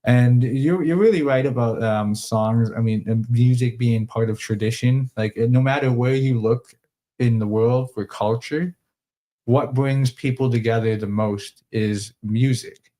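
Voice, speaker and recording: Man, lowish voice, earnest rambling storyteller, casual stream chat. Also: warm tone.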